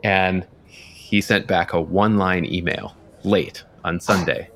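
A man from the United States telling a workplace story casually, acting out both sides of the conversation with lively, rising pitch. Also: slow. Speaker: storyteller guest.

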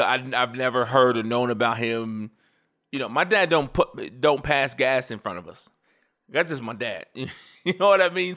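A man in his forties telling stories in a casual, animated way, emphatic and slangy, laughing often. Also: mid-range voice. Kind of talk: casual storytelling commentary.

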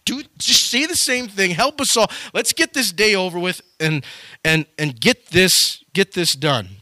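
A man's voice: high voice, expressive, measured pace, sharp tone, no echo, exaggerated voice. A man voicing a tired royal servant pleading for an easy day.

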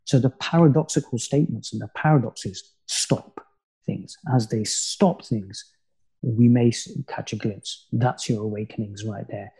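Mellow, husky man, reflective. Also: mid-range voice, measured pace. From United Kingdom. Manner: reflective, musing, often quiet. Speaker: spiritual teacher, guest. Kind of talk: casual spiritual conversation.

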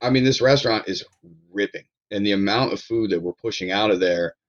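A man's voice: on the low side, fairly quick, lo-fi sound. A man with a Baltimore accent, a chef talking candidly and casually as a podcast guest. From Baltimore area, USA. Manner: candid, rambling, swears casually.

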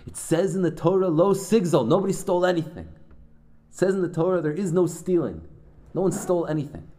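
A man's voice: high-pitched, animated, fairly quick, warm tone, voice pushed up. A man voicing a stern, fiercely truthful old Hasidic rebbe who screams his words with insistent repetition. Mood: furious.

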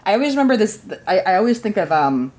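A woman's voice: medium pitch, big pitch swings, fast, darkish tone. A woman co-hosting a podcast in casual chat, loose and profane, laughing as she talks. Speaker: podcast co-host.

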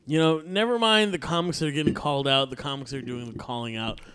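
A man's voice: fairly high pitch, fast talker, fairly bright tone, clean tone. Profane rambling man telling a story. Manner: profane, rambling, laughs often. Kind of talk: casual chat, storytelling. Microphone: live-streamed podcast mic.

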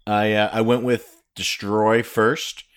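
A young man chatting casually about games, telling stories in a rambling, animated way with fillers and laughter. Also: on the low side, slow pace, smooth. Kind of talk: casual chat.

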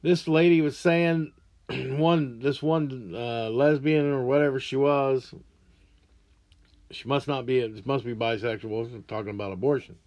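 A man's voice: medium pitch, steady tone, a little slow, darkish tone. A man hosting a podcast, ranting crudely and angrily with heavy swearing. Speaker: podcast host. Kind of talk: profane rant monologue.

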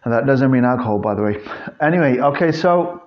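Rambling fitness trainer, dull lo-fi recording. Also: male voice, mid-range voice, animated, a little fast. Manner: rambling, chatty, many restarts and fillers; earnest, addresses listeners as guys. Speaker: fitness trainer and podcast host. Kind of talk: casual solo podcast monologue.

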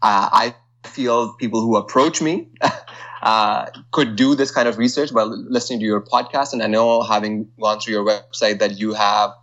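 A man who works as a management consultant, a podcast guest who talks in a measured way with many fillers. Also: on the low side, fairly even intonation, a bit bright, lo-fi sound. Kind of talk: casual interview.

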